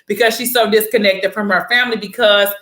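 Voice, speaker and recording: A young woman casually retelling a story, animated and slangy, with laughing asides. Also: mid-range voice, fairly quick. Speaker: book recap vlogger. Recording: roomy echo.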